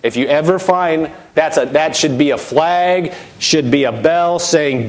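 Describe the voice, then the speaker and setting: A middle-aged man delivers a sermon with emphatic force, and his voice sits a little on the high side. He swings sharply up and down as he drives his points home, slipping into quoted voices along the way. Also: expressive, unhurried, few pauses. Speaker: preacher.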